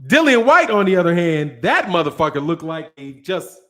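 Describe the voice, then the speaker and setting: A Midwestern American man hosting a casual livestream, talking in an animated, profane way and reading viewer chat aloud. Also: on the high side, moderate pace. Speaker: host.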